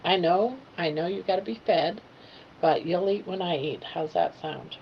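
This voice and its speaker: A woman's voice: on the low side, moderate pace. An older woman hosting a casual home livestream, chatting to viewers and cooing to her pet in between. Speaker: livestream host. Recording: dull lo-fi home stream audio with faint hiss.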